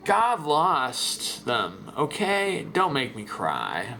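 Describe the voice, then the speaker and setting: A man plays an excited, rambling middle-aged radio caller in a comic voice-over dub. The voice is gravelly and slow, lurching up and down in pitch as he repeats himself and loses his thread. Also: a little hiss or hum, full character voice.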